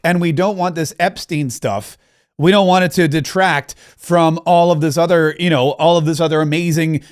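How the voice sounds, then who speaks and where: Chatty male political commentary host. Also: on the high side. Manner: animated and chatty, repeats phrases.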